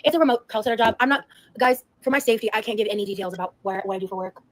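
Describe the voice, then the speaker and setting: A woman's voice: mid-range voice, rapid-fire. A woman doing a casual makeup live stream, chatty and rambling to her viewers as she works.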